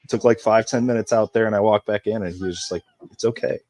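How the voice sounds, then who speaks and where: A man's voice: lowish voice, steady tone, fast, darkish tone, dry recording. A man on a podcast as a guest, talking openly and candidly in casual chat. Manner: open, candid storytelling.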